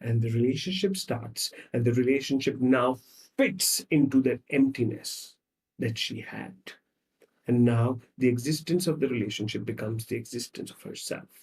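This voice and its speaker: A man, a psychologist guest on a podcast, tells stories dramatically and acts out the scenes, swinging between loud and soft. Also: mid-range voice, moderate pace. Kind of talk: podcast conversation.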